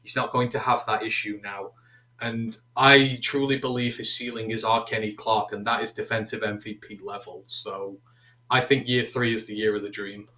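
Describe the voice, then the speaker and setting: Man with a bright voice in an echoey room. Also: on the low side, level tone, normal speed. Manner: long, detailed analytical answers. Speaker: co-host. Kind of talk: casual sports talk.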